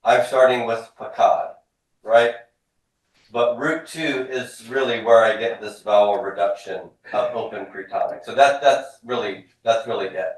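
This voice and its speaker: A man teaching a grammar lesson to a class, drilling students with quick questions. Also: fairly low pitch. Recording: echoey classroom from far off.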